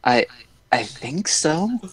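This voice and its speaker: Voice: medium pitch, very animated, slow, breathy edge. A giggly, playful player at a tabletop game. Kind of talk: casual tabletop game chat.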